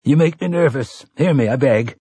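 A man voicing an earnest middle-aged priest who talks quickly and a little pleadingly. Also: mid-range voice, warm tone, husky, no room sound, pitched above the performer's own voice, close to an everyday voice.

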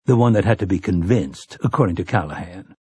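A man narrating a novel in steady, unhurried audiobook style. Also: sits low, husky, dry recording. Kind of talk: scripted narration.

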